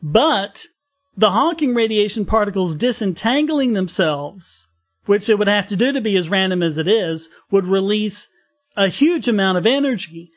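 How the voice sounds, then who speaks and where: High-voiced man explaining science casually. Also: animated, moderate pace. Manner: explains at length, laughs easily. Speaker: podcast co-host presenting a science story. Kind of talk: casual science podcast chat.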